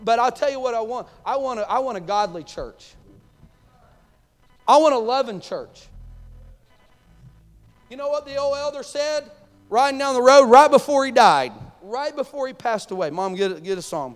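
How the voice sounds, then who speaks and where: An assistant pastor delivers a sermon in a church sanctuary, his voice extremely high-pitched and expressive. He speaks passionately at a moderate pace, pausing often and addressing the congregation directly, with a long reverb tail behind him.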